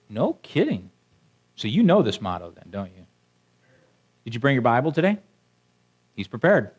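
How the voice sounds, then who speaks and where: Husky and very animated, a male pastor preaches at normal speed in a medium pitch, leaving long pauses. Before his congregation in the church sanctuary, he keeps the sermon conversational and frequently stops to question the listeners in front of him.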